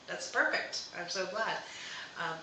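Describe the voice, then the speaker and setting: A woman's voice: on the low side, animated, a little slow, pushed and bright, heavy reverb, slight background noise, poor audio. A woman hosting a live psychic reading, talking hesitantly with many fillers and restarts. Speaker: psychic medium host.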